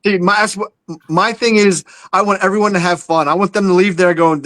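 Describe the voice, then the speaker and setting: A man's voice: sits high, steady tone, brisk, a bit bright, dry recording. A man, a guest on a casual horror panel, chiming in with a friendly, teasing manner.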